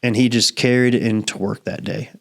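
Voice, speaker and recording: A man's voice: on the low side, fairly even intonation, a little fast, creaky. A man hosting a podcast, telling a story in casual, profane chat and laughing often. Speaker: podcast host.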